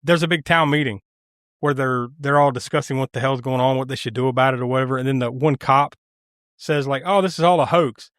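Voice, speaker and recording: A man's voice: mid-range voice, brisk, no echo, clean studio sound. A man co-hosting a podcast, retelling a film scene by scene in casual chat, laughing, swearing and acting out lines. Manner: animated storyteller, acts out scenes in funny voices, swears, laughs often. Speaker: podcast co-host. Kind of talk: casual movie review chat.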